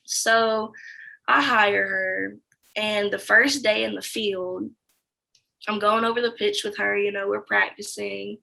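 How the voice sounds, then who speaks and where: A woman's voice: mid-range voice, creaky, poor audio. A young woman interviewee, a former sales account manager, telling her story candidly and acting out the dialogue. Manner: animated storytelling that acts out quoted dialogue.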